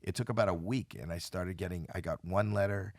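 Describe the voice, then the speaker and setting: As a podcast guest, a man in his sixties gives an emotional, dramatic account of a painful experience, quoting the voices of those involved. He speaks a little fast in a low, creaky, darkish voice, recorded in a studio with no echo.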